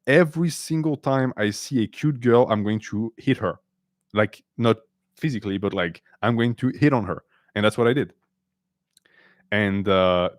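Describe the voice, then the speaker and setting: A man's voice: medium pitch, no echo, studio quality. Blunt, sarcastic male stream host. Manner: blunt, sarcastic, switches between English and French. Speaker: host answering viewer questions. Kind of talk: casual live-stream Q&A.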